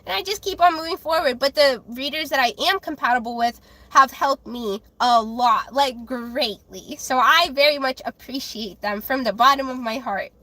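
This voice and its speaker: High bright-voiced woman tarot streamer. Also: normal speed, no echo. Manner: chatty, many fillers and restarts; blunt and defensive. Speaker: tarot reader hosting a live stream. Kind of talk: casual live-stream chat.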